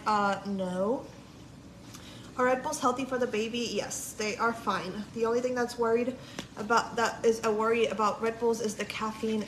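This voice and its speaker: A woman's voice: on the high side, fairly bright tone. A woman casually telling a long story on a livestream, chatty and full of "like", quoting people and swearing freely. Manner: chatty, lots of "like", quotes people in her story. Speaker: livestream vlogger. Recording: echoey room, faint background noise.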